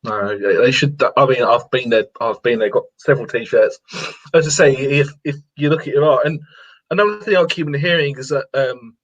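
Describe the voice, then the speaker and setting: A man's voice: medium pitch, a little fast, fairly bright tone. A man, a guest watercolourist, talking earnestly and repeating himself to encourage others in a casual interview. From England. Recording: lo-fi sound.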